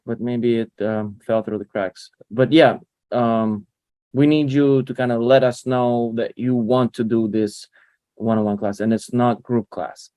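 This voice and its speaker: A man's voice: mid-range voice, a little mellow, clear, resonant tone, dry recording. Laid-back guy co-hosting a live spanish lesson, dry close sound, video call. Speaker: co-host and learner. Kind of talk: live online lesson chat.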